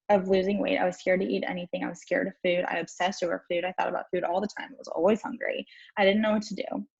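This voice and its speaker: A woman's voice: mid-range voice, creaky, husky. A young woman life coach telling her own story on a live stream, frank and swearing casually as she talks to viewers. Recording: dull lo-fi stream audio.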